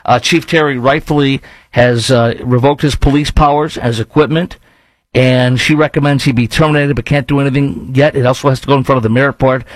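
A man's voice: mid-range voice, steady tone, brisk, no room sound, poor audio. A man with a Chicago accent hosting a talk radio show, delivering a rambling, opinionated monologue and arguing with imagined objections.

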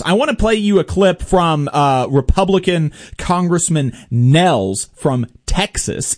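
Man, political commentary host, raised pitch, very lively intonation, exasperated, sarcastic. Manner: exasperated, sarcastic, hesitant restarts. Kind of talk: casual commentary.

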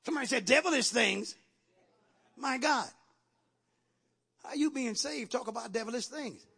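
A man with a strikingly high, gravelly voice preaching a sermon. He talks in a call-and-response style that climbs to full shouting, and his tone is bright and husky. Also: animated, normal speed, pauses often.

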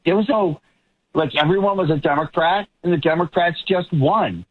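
A man from the Boston area argues his point emphatically as a talk show guest, circling back and repeating words. His voice is husky and sits a little high. It comes through a thin, phone-like remote feed. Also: normal speed. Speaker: political commentator guest. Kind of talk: talk show panel discussion.

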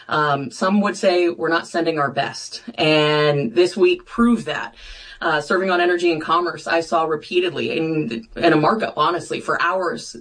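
Sarcastic, blunt congresswoman guest. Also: fairly low pitch. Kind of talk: political talk show interview.

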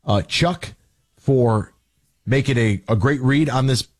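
A man's voice: mid-range voice, takes it slowly. A man hosting a sports radio talk show, chatty and jokey, who sometimes sings his station plugs.

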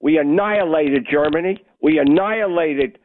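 A man's voice: on the high side, moderate pace, slight background noise. An older man calling in to a talk radio show, blunt, agitated and argumentative. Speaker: caller. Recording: tinny phone line.

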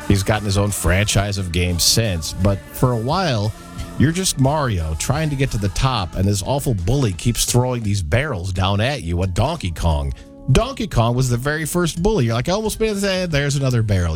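A man in relaxed conversation, working through a countdown list with lively swings in his pitch. He acts out little quotes as he goes, and a faint music bed plays under him. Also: moderate pace. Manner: animated storyteller, acts out quotes. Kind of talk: casual chat, countdown list.

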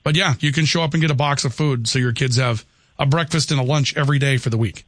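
A man's voice: medium pitch, fast talker, a bit bright, no room sound. A man hosting a call-in radio talk show, bantering and teasing his co-host and callers.

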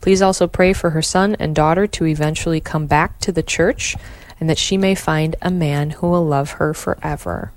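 A female radio co-host answering the rosary in measured, even responses and gently reading listener prayer intentions on a live broadcast. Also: low voice.

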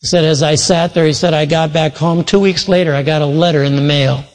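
A preacher with a slightly high voice tells a long story in an earnest sermon, giving voice to each person in it. His words ring out with a long reverb through a large church hall. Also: fairly even intonation, brisk. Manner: retells a story with many quoted voices, earnest. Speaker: pastor.

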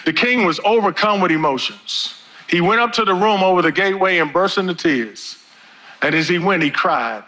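Bright-voiced man preaching a sermon. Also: animated, moderate pace, poor audio. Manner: preaching with wide swings of pitch and pace. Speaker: pastor.

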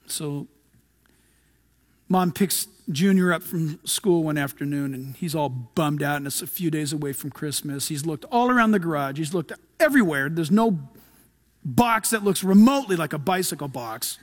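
A man preaching a sermon, swinging between loud urgent appeals and hushed asides, acting out little quotes as he goes. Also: fairly high pitch, lively intonation, moderate pace. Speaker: pastor.

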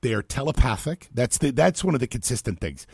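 A talk radio host with a gravelly, husky voice that swings widely in pitch as he rambles through casual banter. He cracks self-deprecating asides, and the sound is dry and close. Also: big pitch swings, brisk, darkish tone, no echo.

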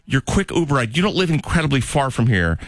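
A man's voice: mid-range voice, quick pace, no room sound. A man hosting a morning radio show, telling stories in casual banter and laughing easily. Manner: animated storyteller, laughs easily.

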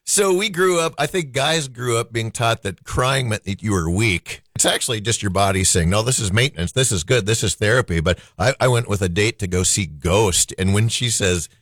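A man's voice: fairly low pitch, moderate pace, few pauses, fairly bright tone, no echo, studio quality. A man hosting a radio show, chatting casually and telling stories with a self-mocking tone.

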